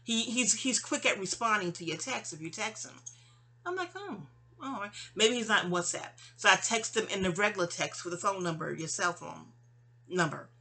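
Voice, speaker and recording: Lady venting a long story, bright forceful voice, rambly and chatty. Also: mid-range voice, animated, fairly quick, vocal fry. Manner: rambling, chatty, acts out quoted dialogue. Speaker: vlogger. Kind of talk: casual storytelling vent. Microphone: audio-only home recording.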